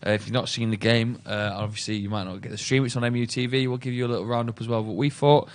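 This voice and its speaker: A man's voice: medium pitch, fairly even intonation, fast. A man hosting a live football watchalong in a casual, chatty way, laughing and swearing easily. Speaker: host.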